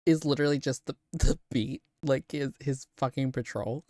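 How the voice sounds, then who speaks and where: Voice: medium pitch, fairly even intonation, moderate pace, dark tone, dry recording, clean studio sound. A streamer chatting casually while playing a story game, laughing often, swearing and restarting sentences. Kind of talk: casual live gameplay chat.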